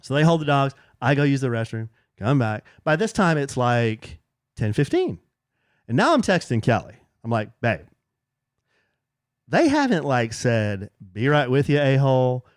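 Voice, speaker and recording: A middle-aged man co-hosting a podcast, telling a story in casual chat and jumping up high whenever he quotes someone. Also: a little slow, dry recording, studio quality. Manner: animated, jumps high when quoting people. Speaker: podcast co-host.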